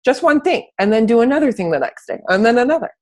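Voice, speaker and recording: A woman's voice: a little high, animated, fast talker, a little mellow. Motivational woman host, emphatic and blunt, heard over a video call. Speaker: host of a coaching live video. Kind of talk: casual live-stream chat.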